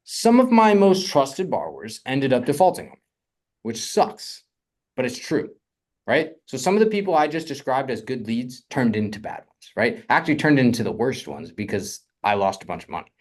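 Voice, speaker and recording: A young man coaching on real estate funding in a casual, energetic teaching talk, often asking "right?". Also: mid-range voice, moderate pace.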